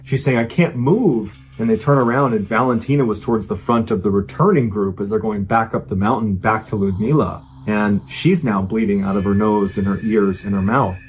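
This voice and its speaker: Deep-voiced man telling a true horror story. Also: poor audio. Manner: conversational, earnest, uses "you know" fillers. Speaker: storyteller host.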